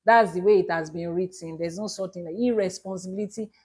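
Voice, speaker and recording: A woman's voice: fairly low pitch, fairly quick, a little mellow, a little hiss or hum. Emphatic Nigerian woman teaching on a stream. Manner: explains with examples and repetition, emphatic. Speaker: Ifa priestess hosting a live stream. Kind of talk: live-stream religious teaching, answering viewers.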